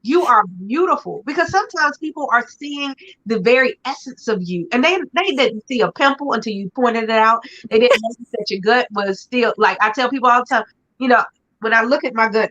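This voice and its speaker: A woman's voice: on the high side, sharp tone. A woman hosting a conversational talk show, chatting expressively with vivid everyday images and playful asides. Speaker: podcast host. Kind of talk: casual conversational chat. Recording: dull lo-fi sound.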